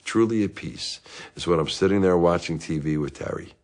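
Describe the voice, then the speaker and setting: An actor plays a self-pitying divorced dad in therapy, deep and low in voice. He rambles and justifies himself in a comic monologue, and now and then he flares up in anger. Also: brisk, darkish tone. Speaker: therapy patient.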